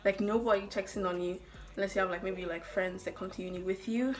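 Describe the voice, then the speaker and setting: A woman's voice: medium pitch, steady tone, quick pace. A young woman from Ireland with an American-sounding accent, chatting casually in a Q&A vlog and rambling with lots of asides to her viewers. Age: young adult. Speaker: student vlogger.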